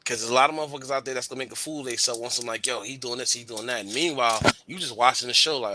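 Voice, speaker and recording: A man's voice: mid-range voice, very fast, few pauses, slight background noise. A man co-hosting a radio talk show, talking candidly in slangy casual chat. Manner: candid, slangy, animated storytelling.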